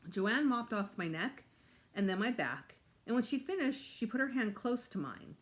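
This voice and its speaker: A woman teacher reading a children's chapter book aloud to her students in an expressive way. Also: fairly high pitch, moderate pace. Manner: expressive, animated.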